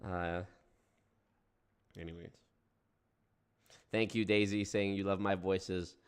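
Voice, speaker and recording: A man's voice: low-pitched, little pitch movement, slow, clear, resonant tone. A man hosting a live stream, chatting casually, laughing and reading viewers' comments aloud. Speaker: streamer host.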